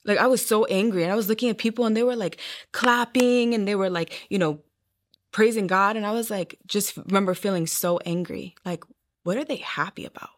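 Speaking fairly quickly in a steady, mid-range voice, a young adult woman gives her testimony as an interview guest. She tells her story earnestly and acts out the quoted voices of other people.

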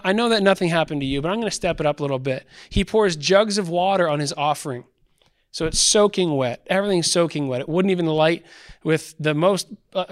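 A man hosting a faith podcast, giving an energetic sermon-style talk and retelling a Bible story with acted-out quotes. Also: high voice. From Canada. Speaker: podcast host.

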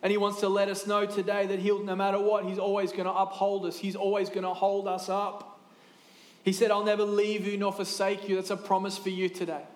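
A man in his thirties preaching a sermon in a lively, conversational way, with quick asides and restarts. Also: high-pitched, echoey room. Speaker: pastor.

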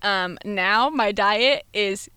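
A woman in her twenties, chatting as a podcast guest and telling her story in a lively, slangy way with frequent laughter. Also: mid-range voice, extremely slow, clean tone, dry recording. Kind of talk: casual chat.

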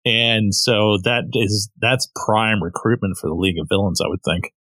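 A man co-hosting a casual podcast, talking in a slow, easygoing way and chuckling often. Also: on the low side, a bit bright, dry recording. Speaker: podcast co-host.

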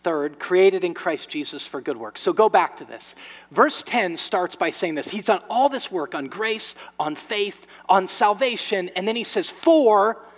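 A man preaching a sermon, telling stories and swinging from hushed, intimate moments to loud, emphatic exhortation. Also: sits high, expressive, a little slow. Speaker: pastor. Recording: long hall reverb.

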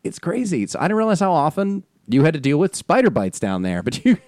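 A man co-hosting a casual chat, animated and laughing often, talking fast. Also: a little high, dry recording, studio quality. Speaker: podcast co-host. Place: Los Angeles area.

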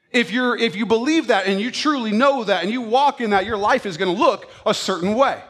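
A male pastor delivers a sermon in a voice pitched a touch high for a man. His pitch leaps about as he tells stories and plays out his pets' thoughts. He keeps a lively, animated preaching manner throughout.

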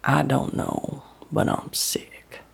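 A woman voicing a tired, sick rural father, giving hushed, urgent warnings to his family. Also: slow, lightly acted. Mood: weary. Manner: hushed, urgent warnings, often half-whispered. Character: weary sick rural father, grown man.

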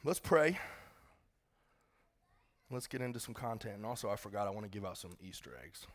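A man's voice: lowish voice, animated, a little fast. A man, a pastor giving a sermon in a church auditorium, casual and joking with the congregation.

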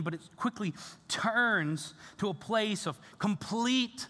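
High-voiced preacher man in an echoing church. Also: measured pace. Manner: earnest, animated preaching with casual fillers. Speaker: pastor. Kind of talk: sermon. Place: church sanctuary. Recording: church hall reverb.

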